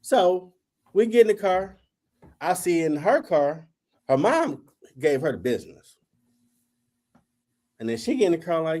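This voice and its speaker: A podcast host tells a story in casual talk-show chat, his voice sitting high and a little slow, with long pauses. He's animated, acting out the quoted dialogue and swearing freely.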